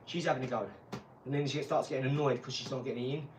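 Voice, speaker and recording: A man, hosting a casual live stream and telling lively, laughing stories with some swearing, from an empty garage. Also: medium pitch, fast. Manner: animated storyteller, laughs, swears. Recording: roomy, distant mic, faint noise.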